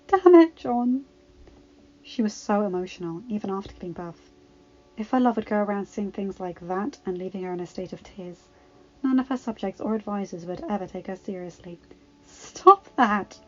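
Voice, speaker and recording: Woman calmly narrating a story. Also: mid-range voice, a little fast, lo-fi sound. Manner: calm, even storytelling. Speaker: fan fiction reader.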